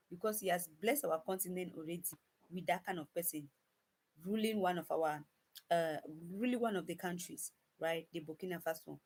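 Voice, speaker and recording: Woman, husky voice, emphatic casual commentary, repeats herself, talks to viewers. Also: on the low side, normal speed, a little mellow. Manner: emphatic, repeats phrases, addresses viewers as guys; frequent restarts and stumbles.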